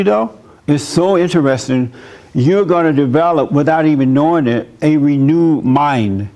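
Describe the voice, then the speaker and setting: A man with a slightly higher voice preaches a loose, conversational sermon in church. He drifts into personal stories and laughs easily between his points. His tone is plainspoken and direct, as if he is talking with the congregation. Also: darkish tone. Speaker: pastor.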